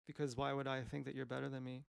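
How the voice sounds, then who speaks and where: A man's voice: medium pitch, level tone, fast talker, creaky, clear, resonant tone, no echo, studio quality. A man rambling through a meandering, profane, self-questioning monologue as a streamer.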